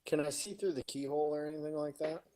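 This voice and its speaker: A man playing a tabletop game over voice chat, talking in a relaxed, conversational way. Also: fairly high pitch, quick pace. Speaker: player.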